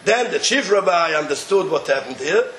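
A man with a Yiddish accent telling a rabbinic tale in an animated way, chuckling as he goes and mixing in Yiddish and Hebrew words. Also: fairly high pitch, moderate pace, echoey room, a little hiss or hum. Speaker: storyteller.

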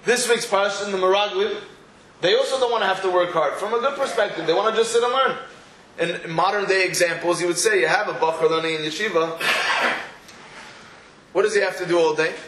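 Brief: high-voiced man teaching a Torah class, lively storytelling, echoey room with faint noise. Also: fairly quick. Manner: animated storytelling with quoted voices. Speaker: rabbi.

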